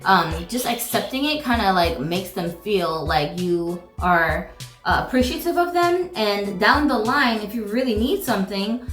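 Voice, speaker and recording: A woman's voice: medium pitch, expressive, a little slow, fairly bright tone. A woman giving casual advice in a vlog, chatty and full of fillers, acting out what other people say. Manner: chatty, many fillers, acts out quoted people. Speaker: vlogger. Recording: echoey room with faint music.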